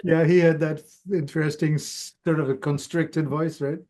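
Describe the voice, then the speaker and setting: A man hosting a podcast, asking curious questions and explaining points slowly and carefully. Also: fairly high pitch, flat delivery, darkish tone, slight background noise. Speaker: podcast host. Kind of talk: casual interview chat.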